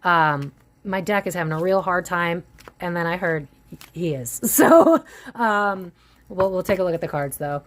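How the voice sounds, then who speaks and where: A woman's voice: lowish voice, fairly even intonation, moderate pace, a bit bright. Woman musing through a tarot reading. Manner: musing aloud, voicing what she hears with many restarts. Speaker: tarot reader. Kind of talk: casual psychic tarot reading.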